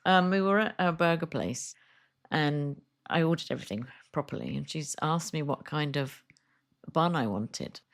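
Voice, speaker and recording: A middle-aged woman co-hosting a podcast, chatting casually and telling lively stories, acting out what customers said. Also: sits low, normal speed, gravelly. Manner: chatty storyteller, acts out customers' lines. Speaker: podcast co-host. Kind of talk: casual chat.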